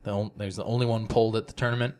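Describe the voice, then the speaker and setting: A young man with a fairly low voice talks casually on a gaming podcast. He explains rules patiently and at length, with a relaxed, chatty flow. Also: racing, clean tone. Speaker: podcast co-host. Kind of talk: casual chat.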